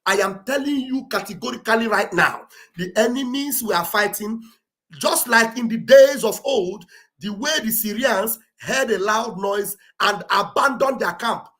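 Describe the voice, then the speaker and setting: A man speaking Nigerian English mixed with Pidgin, giving a loud, preachy livestream address with a booming voice and shouted exhortations. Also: normal speed. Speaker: livestream commentator. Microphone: streaming setup mic.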